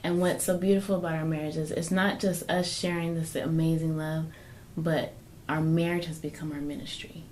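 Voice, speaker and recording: A woman co-hosting a faith-based marriage talk with her husband, speaking in a measured, preaching cadence. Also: deep voice, level tone, darkish tone, a little hiss or hum, rough recording. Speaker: co-host, wife.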